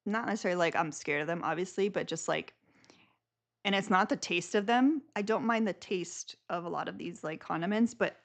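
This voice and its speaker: A woman's voice: on the low side, brisk, creaky. A young woman hosting a live stream, chatting casually and rambling with lots of filler words.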